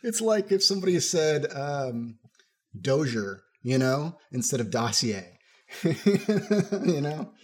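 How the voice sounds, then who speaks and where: A man co-hosting a podcast in casual chat, giggly and animated. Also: on the high side, slow. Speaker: podcast co-host.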